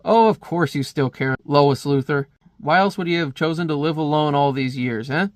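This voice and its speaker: A man's voice: fairly high pitch, normal speed, no echo, lightly acted. A man reading the lines of a smug, scheming male billionaire villain from a comic.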